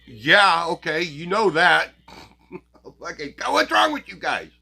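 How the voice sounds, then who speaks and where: A crass, foul-mouthed man rants at his viewers in a casual talk show, his voice sitting a little high and sounding sharp and forceful. He talks bluntly and mocks his audience with scorn, and faint music plays behind him. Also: big pitch swings, slow, creaky. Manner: crass, blunt and heavily profane. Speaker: channel host. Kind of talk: profane casual rant to viewers.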